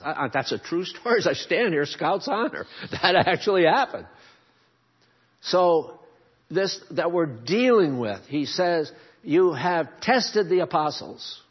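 A man preaching a sermon as pastor, shifting between quiet asides and loud, emphatic climbs. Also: a little high, lively intonation, measured pace, breathy edge. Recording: dull lo-fi sermon recording.

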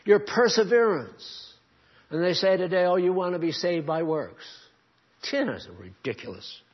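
A man preaching a sermon as pastor, shifting between quiet asides and loud, emphatic climbs. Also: high-pitched, sing-song, moderate pace. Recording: dull lo-fi sermon recording.

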